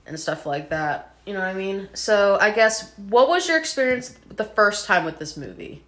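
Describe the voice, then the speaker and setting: Bright-voiced chatty woman podcaster. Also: medium pitch, lively intonation, normal speed. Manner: chatty, filler-heavy, swears casually. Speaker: podcast co-host. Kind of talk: casual podcast chat.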